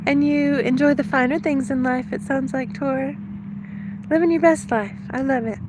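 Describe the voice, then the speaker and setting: A woman's voice: sits high, steady tone, moderate pace, noisy background. A middle-aged woman chatting casually on a live stream while walking outdoors, a little out of breath, laughing often and thanking viewers by name. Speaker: livestreamer reading chat.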